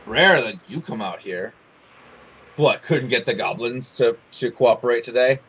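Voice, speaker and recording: A man voicing a tall, gruff human bandit captain who mocks and bosses his crew. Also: mid-range voice, a little slow, fairly bright tone, rough recording. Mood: mocking. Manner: scornful, bossy, taunting.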